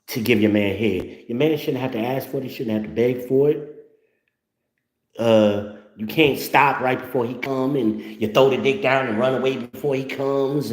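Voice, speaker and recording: A man giving blunt, profane relationship advice in an animated, lecturing monologue. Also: mid-range voice, echoey room. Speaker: online commentator.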